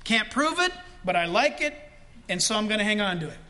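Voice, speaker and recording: A male pastor preaching a sermon with animated delivery, shouting the quotes he acts out and laughing often. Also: high-pitched, a little fast.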